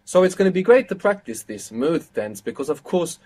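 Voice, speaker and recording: A man's voice: on the high side, big pitch swings, fairly quick, darkish tone. A man teaching a live online language lesson, patiently explaining grammar and quizzing his students with questions.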